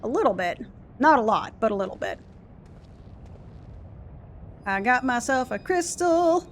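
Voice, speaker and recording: A woman's voice: a little high, very animated, a little slow, slight background noise. A young woman streamer giving casual, joking commentary while she plays a game, swearing freely.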